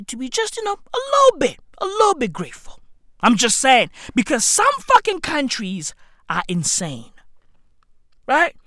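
A woman's voice: medium pitch, fairly bright tone, no echo, studio quality. A woman delivering a profane, slang-heavy rant full of rhetorical questions. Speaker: commentator.

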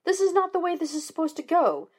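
A woman doing a jumpy wisecracking young detective. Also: fast talker. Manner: excitable, wisecracking, jumps up in pitch. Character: restless joking young male private detective.

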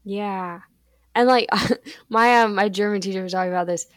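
A teenage girl co-hosting a podcast, chatting in a relaxed way and laughing often. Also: mid-range voice, normal speed, no echo. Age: teens. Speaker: podcast co-host. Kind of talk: casual chat.

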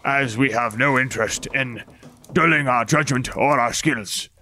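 A man's voice: mid-range voice, unhurried, sharp tone. A man voicing a formal, pious male warrior who speaks in stiff, archaic phrases. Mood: lofty. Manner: stiff, archaic, lofty speech.

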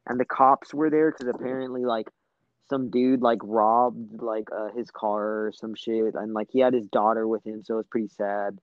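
A man's voice: fairly low pitch, steady tone, normal speed, dry recording, narrow, tinny audio. A young man telling a long story in casual chat, rambling with lots of fillers and swearing.

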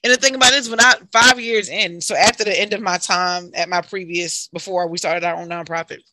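Bright-voiced woman in chatty talk. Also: on the low side, a little fast, dry recording. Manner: chatty, animated, laughs often. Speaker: co-host. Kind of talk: casual chat.

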